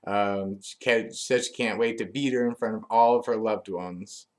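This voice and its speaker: A man's voice: lowish voice, moderate pace. A man giving a chatty, loose recap of a wrestling show as a reviewer, with frequent fillers and restarts. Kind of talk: casual recap commentary.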